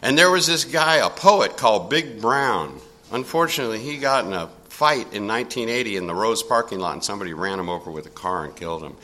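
Older guy telling old stories, laughs a lot, bright forceful voice. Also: on the low side, brisk, hardly any pauses. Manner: casual, chuckling, animated. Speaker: storyteller. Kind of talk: personal storytelling.

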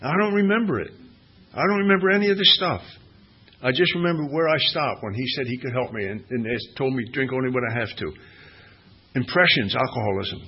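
A man's voice: medium pitch, fairly quick, husky. Older man telling a wry, folksy story. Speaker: speaker at a recovery meeting. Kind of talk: storytelling recovery talk. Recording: dull lo-fi recording with faint hiss.

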